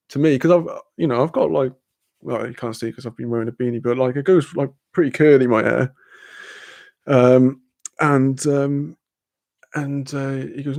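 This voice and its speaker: A young man with a Newcastle accent, his voice gravelly and a bit fried, rambles through a casual livestream chat. He laughs a lot and swears freely, and the sound is close and dry with no room echo. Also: medium pitch, fairly even intonation, normal speed, a little mellow. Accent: Newcastle English. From Newcastle, England. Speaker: streamer reading chat.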